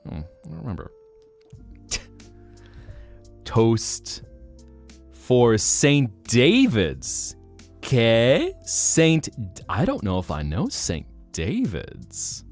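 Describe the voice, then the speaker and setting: A man's voice: mid-range voice, huge pitch swings, extremely slow, long pauses, soft background music. A man streaming as a VTuber, chatting casually with his live chat in a playful, teasing way with joking mock denials.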